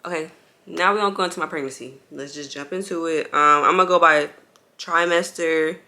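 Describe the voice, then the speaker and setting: Bright, gravelly-voiced young woman vlogging. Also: low voice, fairly even intonation, a little fast. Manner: chatty, full of "like" fillers, addresses viewers as y'all; bouncing on an exercise ball while holding a baby. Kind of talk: casual storytelling to viewers.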